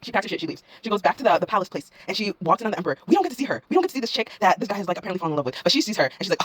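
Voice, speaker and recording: A young woman retelling a drama's plot in breathless, slangy fashion, acting out each character with quick "she's like" quotes. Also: on the low side, big pitch swings. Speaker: drama review vlogger. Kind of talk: fast slangy plot recap.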